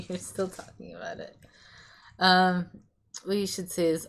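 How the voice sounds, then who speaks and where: A woman giving a casual pick-a-card tarot reading, rambling and hesitant with many pauses and restarts. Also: lowish voice, level tone. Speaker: tarot reader.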